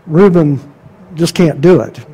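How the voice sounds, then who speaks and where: A man preaching a sermon, emphatic and conversational, asking the congregation rhetorical questions and dropping to quiet asides. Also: fairly high pitch, takes it slowly, slightly rough, rough recording.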